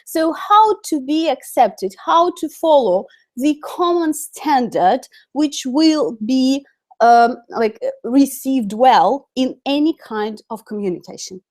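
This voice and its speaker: Woman with Russian accent, fairly high voice, live online English teacher, chatty, lots of fillers. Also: animated, takes it slowly, a little mellow. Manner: chatty, many fillers and self-corrections. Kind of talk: live-streamed online lesson.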